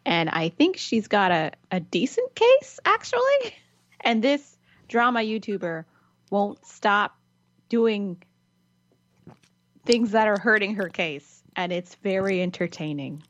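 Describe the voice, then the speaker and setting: A woman's voice: mid-range voice, expressive, slow, long pauses, no room sound. Chatty woman, dull dry lo-fi. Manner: chatty, laughs often, repeats "it's fantastic". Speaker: podcast co-host. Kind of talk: casual chat.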